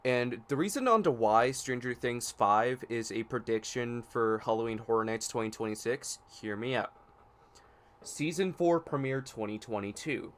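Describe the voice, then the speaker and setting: A man with a smooth, resonant voice co-hosts a casual podcast. He talks eagerly about what he is looking forward to and offers confident predictions, at a mid-range pitch. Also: normal speed. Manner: enthusiastic, makes predictions, frustrated by tech issues. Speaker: podcast co-host.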